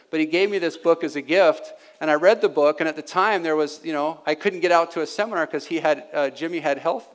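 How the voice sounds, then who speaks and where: A man giving a live seminar talk to an audience, energetic and forever tagging his points with "right?". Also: fairly high pitch. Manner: energetic, keeps asking "right?". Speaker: seminar presenter. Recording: long hall reverb.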